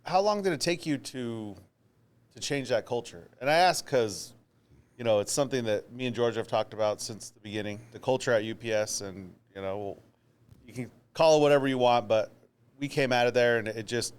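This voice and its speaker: A man co-hosting a casual podcast, asking questions in a relaxed, encouraging way. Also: mid-range voice, moderate pace, clean tone. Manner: laid-back, encouraging questions. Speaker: podcast co-host. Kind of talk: casual interview chat.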